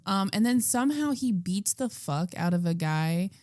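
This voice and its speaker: A woman co-hosting a podcast, retelling a film in animated, profane casual chat. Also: mid-range voice, normal speed, no room sound, studio quality. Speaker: podcast co-host.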